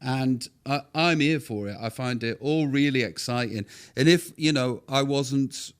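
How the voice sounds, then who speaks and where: Middle-aged guy rambling on a podcast, trips over his words, gets all excited. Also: mid-range voice, smooth. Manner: rambling, quick restarts, excitable. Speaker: guest. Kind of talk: casual podcast interview.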